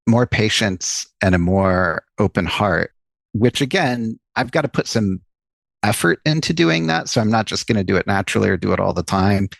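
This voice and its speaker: A man's voice: fairly low pitch, vocal fry, no echo. A man, a psychologist and author, guest on a podcast interview, explaining his ideas at length with examples. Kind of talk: interview conversation.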